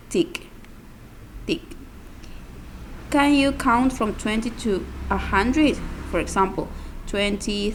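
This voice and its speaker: Slow, patient woman teacher checking "okay?". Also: a little high, a little hiss or hum. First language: Spanish. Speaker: English teacher. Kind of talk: recorded class instructions.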